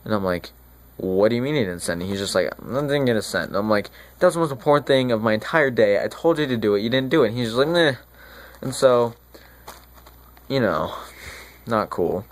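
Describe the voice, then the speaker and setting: A man playing a remorseful friar who retells a tragedy in casual modern slang, rambling and halting with restarts in a school monologue. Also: on the low side, animated, close to an everyday voice. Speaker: student actor.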